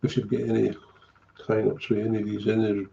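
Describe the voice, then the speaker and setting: A man's voice: on the low side, flat delivery, fairly quick, gravelly, dark tone, highs cut off, a little hiss or hum. A middle-aged man, telling a candid story as a recovery sponsor, blunt and swearing freely, often trailing off and repeating himself.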